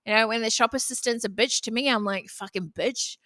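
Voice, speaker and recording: A woman's voice: fairly high pitch, fairly even intonation, fast, pushed and bright, no echo, studio quality. A young woman hosting a casual solo podcast, talking bluntly and swearing freely. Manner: blunt, frequent swearing, chatty. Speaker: podcast host.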